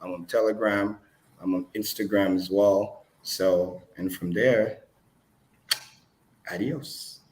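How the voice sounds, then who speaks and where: Male guest, lower pitch, motivational tone, echoey room. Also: steady tone, takes it slowly, long pauses, darkish tone. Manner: upbeat, preachy, repeats for emphasis. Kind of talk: motivational livestream talk. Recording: roomy echo.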